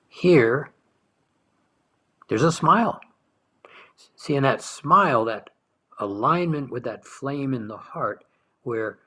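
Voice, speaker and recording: A man with a husky, breathy voice guides listeners through a meditation-style talk. He speaks gently and unhurriedly, drawing out key words and now and then sinking into a near whisper. His pitch sits in an ordinary middle range. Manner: soft, slow, dwelling on words, dropping to whispers. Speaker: spiritual teacher.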